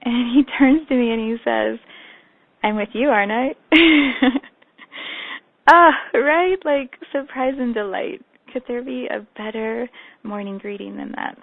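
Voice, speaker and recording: A woman guiding a group meditation on a call, speaking softly and gently with affirming asides. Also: fairly high pitch, normal speed, creaky, no echo. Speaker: meditation guide. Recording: tinny phone-line call audio.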